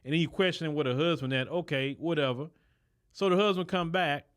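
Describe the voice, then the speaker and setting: A man's voice: on the high side, a little fast, a bit bright, smooth. A man hosting a show and reacting to a story with blunt, opinionated commentary full of rhetorical questions. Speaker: show host giving commentary.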